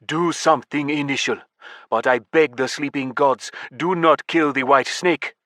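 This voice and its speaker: A desperate clan member begs for help in a lifted, urgent voice, as a male narrator acts him out. The tone is bright and sits close and dry. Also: a little high, a little slow, no room sound, pitched above the performer's own voice. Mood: pleading. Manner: urgent, pleading. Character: frantic pleading clan member, raised voice. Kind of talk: audiobook character voice.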